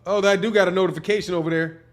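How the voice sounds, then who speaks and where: This livestream host is a man from Chicago who talks with a Chicago accent, reading viewers' chat messages aloud and riffing on a boxing match in easygoing slang. He speaks at a racing clip, his voice pitched high and his tone steady.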